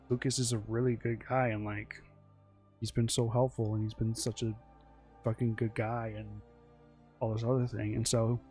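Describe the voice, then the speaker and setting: A man's voice: mid-range voice, a little mellow. A man telling a loose, meandering story about his original characters, full of fillers, restarts and swearing. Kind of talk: casual rambling storytelling.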